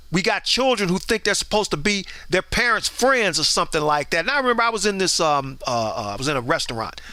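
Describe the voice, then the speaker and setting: Brief: man, middle-aged, opinion show host, emphatic and lecturing, bright tense tone. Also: high-pitched, no echo. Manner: preachy, blunt and emphatic, acts out voices in stories. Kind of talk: opinion commentary monologue.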